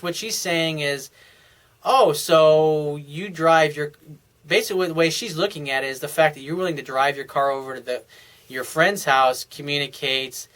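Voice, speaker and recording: A man's voice: on the high side, sharp tone. A man talking as a dating coach, giving casual advice in a blunt, frank and profane way, often restarting his sentences.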